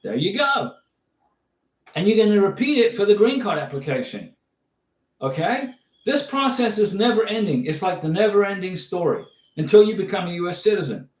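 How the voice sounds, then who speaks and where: A man's voice: sits high, big pitch swings, normal speed. A man hosting a livestream, reading viewer questions aloud and giving emphatic, casual advice. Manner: chatty, emphatic, reads viewer comments aloud. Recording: roomy sound, somewhat far from mic.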